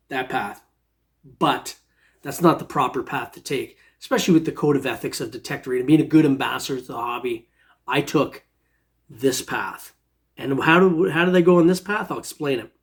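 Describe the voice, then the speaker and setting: A man's voice: medium pitch, moderate pace. A man casually telling a long personal story, rambling with many restarts. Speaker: metal detecting storyteller.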